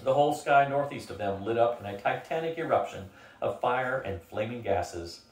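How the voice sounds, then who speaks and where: A man's voice: medium pitch, lively intonation, moderate pace. Older man reading a novel aloud, roomy. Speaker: reader. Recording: roomy, from a distance.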